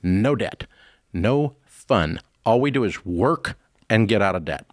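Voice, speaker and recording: Blunt, low-voiced man hosting a call-in show. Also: animated, slow pace, no echo, studio quality. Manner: blunt and emphatic, folksy slang. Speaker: radio show host. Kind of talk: casual call-in advice talk.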